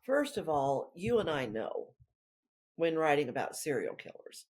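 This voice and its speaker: A woman with a husky, breathy voice that swoops around a lot as she talks. She is an author in a relaxed interview, and she wanders on and back in a chatty, rambling way. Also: sits low, measured pace. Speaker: author guest. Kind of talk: casual interview chat.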